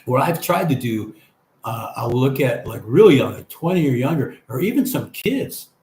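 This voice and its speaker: Hosting a casual live stream, an older man reads chat comments out loud before responding to them. His mid-range voice is sing-song with a darkish tone at a normal speed, recorded in an echoey room with faint background hum.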